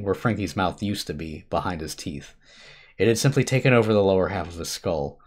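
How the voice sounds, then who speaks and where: Husky low-voiced man reading horror aloud. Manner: expressive, shifts between hushed and urgent. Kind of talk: dramatic horror story reading. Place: home streaming setup.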